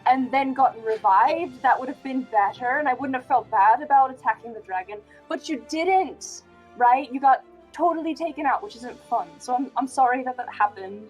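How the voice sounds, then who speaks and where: A woman's voice: high voice, moderate pace, a little mellow, muffled recording, faint music behind. A woman player in a tabletop role-play, speaking hesitantly and apologetically.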